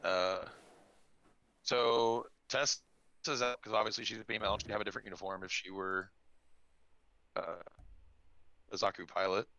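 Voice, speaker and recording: A man running a tabletop game as game master, his voice gravelly and bright. He jokes around in loose, casual talk. The sound is dry and dull, like lo-fi call audio. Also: fairly low pitch, fairly even intonation, moderate pace, pauses often, dry recording.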